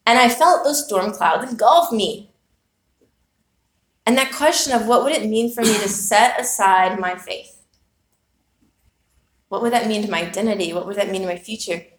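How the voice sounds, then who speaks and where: Recorded in a room full of echo, a woman delivers a sermon built around a personal story and earnest, reflective rhetorical questions. Her voice is medium in pitch and a bit bright.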